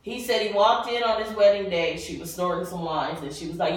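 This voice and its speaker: A woman co-hosting a podcast, chatting casually in slang and telling stories with animated energy. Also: fairly low pitch, fairly quick, very echoey, distant mic. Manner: animated, slangy storytelling with laughs. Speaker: podcast co-host. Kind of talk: casual chat. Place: room with friends at a bar setup.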